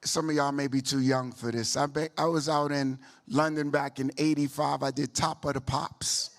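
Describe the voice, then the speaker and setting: Hip hop guy from new york, kinda high voice, lively storytelling, repeats himself. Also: moderate pace. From New York City. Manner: animated storyteller, repeats phrases. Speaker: hip-hop artist, beatboxer. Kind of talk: panel talk with crowd banter.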